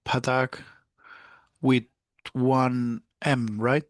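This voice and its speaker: A man's voice: mid-range voice, level tone, slow, pauses often. A male student on a video call, answering his instructor's questions tentatively and checking whether he has it right. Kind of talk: answering in class.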